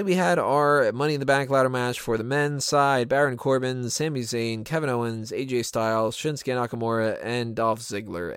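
A man's voice: medium pitch, a bit bright, smooth, no echo, studio quality. A man giving an opinionated, sarcastic casual review of a wrestling show, swearing freely. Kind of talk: casual commentary.

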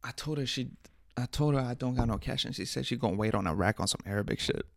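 A young man hosts a casual solo podcast in a fast, gravelly, medium-pitched voice, recorded with studio quality and no echo. He tells stories in profane slang and laughs often.

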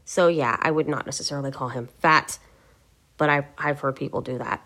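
A woman's voice: rumbling low, steady tone, a little fast, sharp tone. A woman hosting a gaming video, thinking aloud in a rambling, hesitant way as she searches for words. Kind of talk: casual talk to camera.

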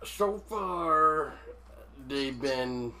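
A man's voice: on the high side, animated, very slow, bright, forceful tone. A man co-hosting a podcast in laid-back chat about a horror film, often trailing off mid-sentence. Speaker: podcast co-host. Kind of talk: casual chat.

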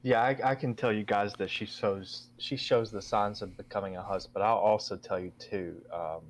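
A man's voice: lowish voice, fairly even intonation, moderate pace. A man playing a tabletop game, casually explaining what his healer can do. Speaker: player.

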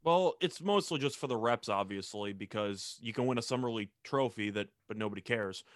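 Young guy co-hosting sports talk, calm and analytical, dead dry sound. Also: lowish voice, brisk, no room sound. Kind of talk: sports talk show banter.

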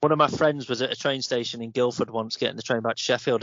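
A man's voice: mid-range voice, level tone, quick pace, few pauses, fairly bright tone, dry recording. A man, chatting casually as a podcast co-host, rambling and laughing easily. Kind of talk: casual chat. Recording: dull, dry lo-fi sound.

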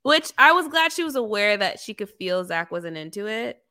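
A woman co-hosting a casual chat, animated and acting out quotes with laughing jumps in pitch. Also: moderate pace. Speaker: podcast co-host.

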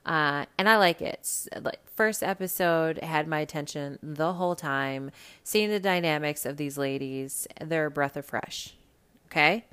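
A young adult woman hosting a casual solo podcast, talking bluntly and profanely in an animated, rambling way. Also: sits low, measured pace, smooth. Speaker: podcast host.

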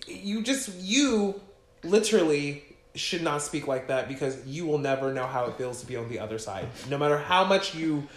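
A man's voice: fairly high pitch, animated, normal speed. A man co-hosting a podcast from an apartment, ranting in casual chat with heated, profane emphasis. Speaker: podcast co-host. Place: apartment room. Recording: roomy echo.

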